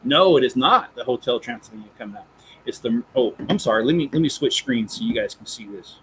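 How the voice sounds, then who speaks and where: Medium-pitched, animated, and fairly quick, a man with a fairly bright tone chats casually while hosting a Lego live stream. He wanders, corrects himself, and chuckles during reading, and the rough recording has slight background noise.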